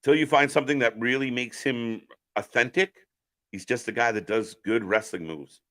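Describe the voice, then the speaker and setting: Man, live watch-along host, casual commentary, chatty, sharp bright tone. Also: mid-range voice, moderate pace. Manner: chatty, answers viewer chat while calling the action.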